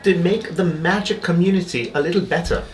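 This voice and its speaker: A man hosting an interview with a magician, agreeable and quick with short affirmations, speaking in a dressing room. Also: high-pitched, soft background music, poor audio. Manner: agreeable, frequent brief affirmations, laughs easily. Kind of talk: conversational interview.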